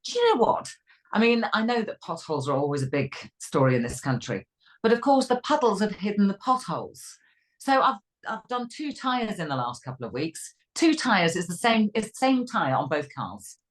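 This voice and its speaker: A woman co-hosting a weather podcast, chatty and lively with jokey asides. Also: mid-range voice, moderate pace, poor audio. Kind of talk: casual chat.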